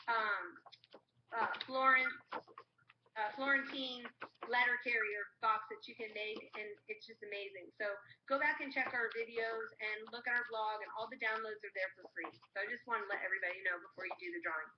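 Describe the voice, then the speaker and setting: Animated high-voiced woman, noisy lo-fi stream. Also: a little fast. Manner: animated storyteller, clears throat often. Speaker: co-host of craft livestream. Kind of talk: casual livestream chat. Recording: dull lo-fi audio with clear background noise.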